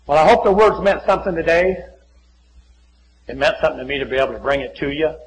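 Folksy preacher, somewhat high voice. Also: male voice, expressive, fast, slight background noise, poor audio. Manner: folksy, acts out little dialogues, many drops to a hushed voice. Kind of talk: sermon with altar call. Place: church.

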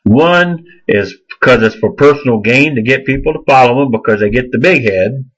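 Husky-voiced man preaching emphatically. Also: medium pitch, expressive, normal speed, highs cut off. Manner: emphatic, repeats himself, rhetorical questions. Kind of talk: sermon.

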